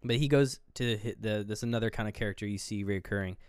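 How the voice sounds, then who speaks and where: A man co-hosting a podcast, casually recapping a movie scene by scene with lots of fillers and quick character voices. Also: lowish voice, smooth. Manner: retells scenes, briefly voicing characters; loose, filler-heavy storytelling. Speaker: podcast co-host.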